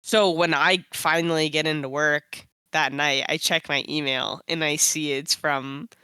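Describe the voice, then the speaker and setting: A young woman co-hosting a podcast, telling a story in a casual, animated way. She laughs often, and her voice jumps high when she quotes herself. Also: unhurried, smooth, dry recording. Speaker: podcast co-host.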